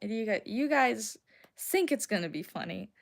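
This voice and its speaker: A woman's voice: medium pitch, lively intonation, moderate pace, vocal fry. A young woman with a Southern American accent, casually rambling and giggling as she chats with her livestream viewers. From Southern United States. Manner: rambling, giggly, self-deprecating. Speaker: streamer. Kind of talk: casual livestream chat, answering chat.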